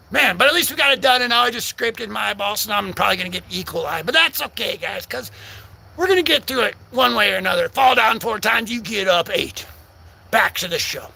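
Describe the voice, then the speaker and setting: A man's voice: high voice, lively intonation, a little fast, gravelly. A young man hosting a live stream, chatting goofily with viewers and rambling between silly bits. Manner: silly, rambling, breaks into loud singing. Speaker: livestream host. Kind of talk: goofy live chat with viewers, bursts of singing.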